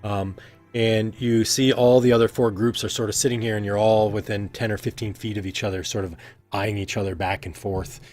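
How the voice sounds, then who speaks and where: A man with a lowish voice narrates a tabletop role-playing game as game master. He talks loosely, filling pauses and circling back as he describes the scene. Faint background music plays beneath him. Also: little pitch movement, darkish tone. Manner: rambling, many ums and restarts.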